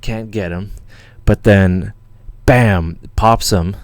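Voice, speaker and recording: A man from Canada tells a story on his livestream in a deep, low voice. He rambles, restarts and swears freely as he gets worked up. The sound is dry and close, with no room echo. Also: fairly even intonation, slow. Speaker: channel host.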